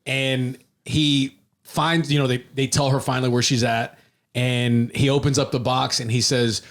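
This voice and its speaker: A man's voice: medium pitch, level tone, normal speed. A man with an ordinary mid-range voice, chatting as a guest on a podcast. He recounts a story with animation, quoting characters directly. He hesitates often with fillers and restarts. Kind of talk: casual chat.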